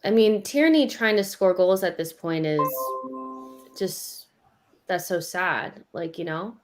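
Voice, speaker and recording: Woman host of a football watchalong, lowish voice, wry and fed up, casual chatter. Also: slow pace, faint music behind. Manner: wry, exasperated, laughing along. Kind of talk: casual live watchalong chat.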